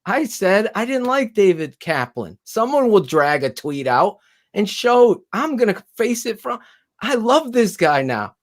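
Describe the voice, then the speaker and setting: A man's voice: high voice, sing-song, measured pace. A man hosting a casual sports podcast, talking bluntly and emphatically, with some swearing. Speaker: podcast host.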